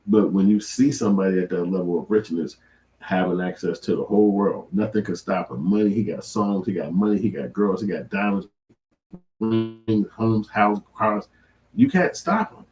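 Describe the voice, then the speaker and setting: A man giving casual, profane commentary with animated, laughing asides. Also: fairly low pitch, distant mic, low-quality recording. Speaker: co-host commentator.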